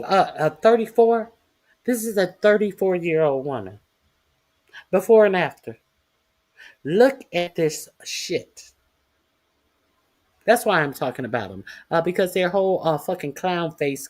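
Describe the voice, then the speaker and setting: A livestream host giving news commentary in a taunting, profane way, filling pauses with constant "uh"s. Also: mid-range voice. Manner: profane, taunting, heavy "uh" fillers. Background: reading chat comments.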